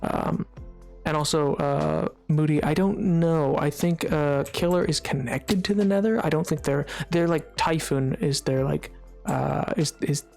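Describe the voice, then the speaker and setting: A livestreamer chatting casually with a live audience while gaming, rambling with lots of fillers and restarts in a relaxed, drowsy way. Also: mid-range voice, a little slow, creaky, soft background music.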